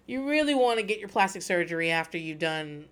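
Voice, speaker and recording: A woman's voice: fairly low pitch, lively intonation, fairly quick, clear, resonant tone. A woman in her thirties hosting a podcast, chatting candidly and swearing freely as she recaps a show. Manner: profane, candid and wry. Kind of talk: casual chat.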